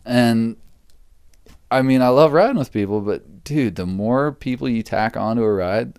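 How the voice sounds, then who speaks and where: A man's voice: mid-range voice, moderate pace, a little mellow, clear, resonant tone, dry recording, clean studio sound. A man hosting a casual chat, telling rambling stories full of swearing. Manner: rambling storyteller, heavy swearing; acts out others' lines in raised voice. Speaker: podcast host.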